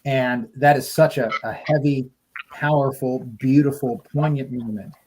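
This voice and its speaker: A man's voice: medium pitch, steady tone, measured pace, noisy background. A man chatting casually as a podcast co-host, gushing and emotional, often stammering and restarting his sentences. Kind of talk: casual enthusiastic chat.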